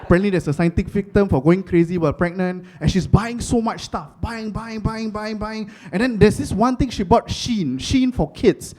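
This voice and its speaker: A young man from Singapore with a Singaporean accent, doing stand-up comedy with animated storytelling and Singlish phrasing. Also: high voice, a little fast, hardly any pauses.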